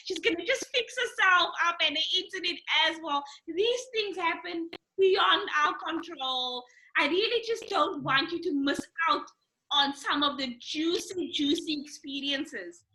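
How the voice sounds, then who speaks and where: A South African woman hosts a talk show with a very high, sharp, bright voice. She talks chattily and laughs often while her guest joins over a video call. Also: a little slow, rough recording. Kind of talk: casual chat.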